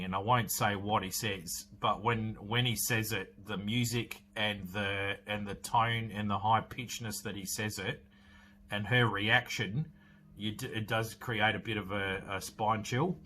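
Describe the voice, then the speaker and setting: Forties man, podcast host, low but bright forceful voice, rambling recap full of ums. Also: slight background noise. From Australia. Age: 40s. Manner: rambling, filler-heavy storytelling with many restarts. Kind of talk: casual film review recap.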